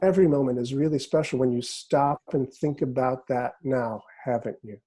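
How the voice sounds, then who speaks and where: A middle-aged man, a hypnotist, talking casually in an interview and sliding into slow, hypnotic phrasing as he tells stories. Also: medium pitch, slightly rough. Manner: relaxed and storytelling, drops into slow hypnotic phrasing. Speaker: hypnotist explaining his method. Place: office in a big city.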